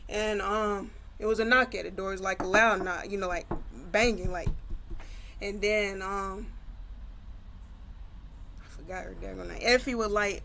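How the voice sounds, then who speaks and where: A woman's voice: mid-range voice, fairly even intonation, moderate pace, vocal fry, pauses often, noisy background. A woman casually retelling her own story, loose and conversational with many fillers.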